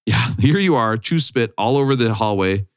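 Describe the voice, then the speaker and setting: A man's voice: mid-range voice, animated, normal speed, clean tone. A middle-aged man, co-hosting a podcast and telling a story with exaggerated asides. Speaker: podcast co-host. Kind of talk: casual storytelling chat.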